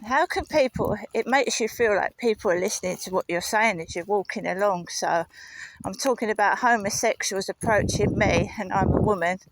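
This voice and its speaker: A woman's voice: mid-range voice, moderate pace, a little hiss or hum, low-quality recording. A woman walking her dog outdoors, rambling and muttering asides with some swearing into a handheld camera. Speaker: vlogger. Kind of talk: casual walking vlog commentary. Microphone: handheld camera while walking.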